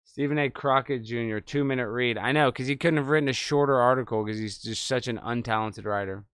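A man's voice: mid-range voice, brisk, smooth, no echo, clean studio sound. Sarcastic man ranting over news clips. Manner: sarcastic, animated, scoffing. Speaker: host.

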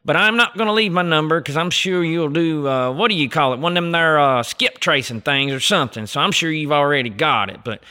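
A man doing a loud, high-pitched landowner with a thick country drawl. He hollers in a folksy way and leans on country slang. The voice sounds bright and strained. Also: a little fast, hardly any pauses, clear, resonant tone.

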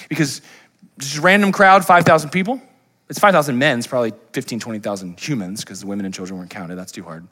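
A man preaching a sermon as pastor, telling Bible stories in a lively, humorous way and acting out the characters. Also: mid-range voice. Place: church.

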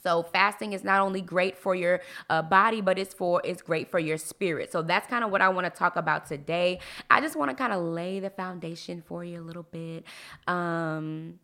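A woman hosting a casual faith podcast, lively and expressive, her voice swinging up and down as she talks and laughs. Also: on the low side, brisk, hardly any pauses. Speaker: podcast host.

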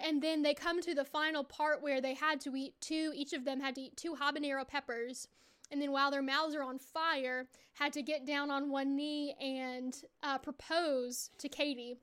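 Woman co-host, high voice, lilt, chatty animated podcast recap. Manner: chatty, animated storyteller with fillers. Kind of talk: casual recap chat.

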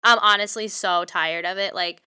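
A woman's voice: medium pitch, steady tone, moderate pace, bright, forceful tone, clear, resonant tone, no echo, clean studio sound. Blunt, passionate young woman podcaster. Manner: blunt, passionate, swears freely. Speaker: podcast host. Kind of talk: solo motivational podcast.

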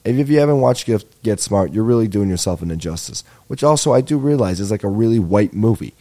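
Rambling, profane young man, low and mellow. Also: animated, fast. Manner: rambling, profane, self-deprecating storytelling. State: a little tired. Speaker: podcast host. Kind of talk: casual comedic monologue.

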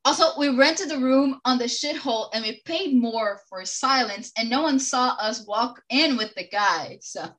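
A woman's voice: on the high side, moderate pace, few pauses, a bit bright. A woman player in a tabletop game, talking in a casual, joking way.

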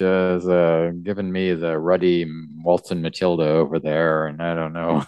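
A man's voice: low-pitched, level tone, normal speed, hardly any pauses, darkish tone, smooth, no echo. A man co-hosting a podcast, recapping a comic in a rambling, hesitant, casual way. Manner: rambling, hesitant, with fillers and restarts. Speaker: podcast co-host.

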